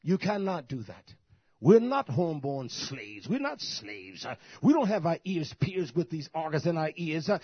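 A man preaching a sermon in an emphatic style, repeating his phrases and moving between quiet talk and loud outbursts. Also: fairly high pitch, very animated, normal speed, slightly rough, dry recording, dull audio.

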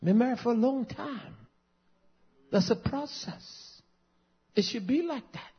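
A man in his fifties preaching a sermon, swinging between loud fervent passages and soft, intimate asides. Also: extremely high pitch, lively intonation, measured pace, husky, lo-fi sound.

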